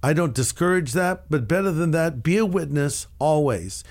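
Higher-voiced man telling lively stories. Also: moderate pace. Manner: lively anecdotal storyteller, acts out quoted dialogue. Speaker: pastor and author. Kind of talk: storytelling in a radio interview.

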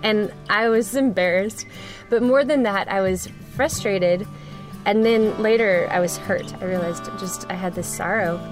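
A woman speaks earnestly in a studio interview, pausing and restarting as she recounts a story. Her pitch sits in a middle range. Soft music plays faintly underneath. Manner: earnest, with frequent pauses and restarts. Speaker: interview guest. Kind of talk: conversational storytelling.

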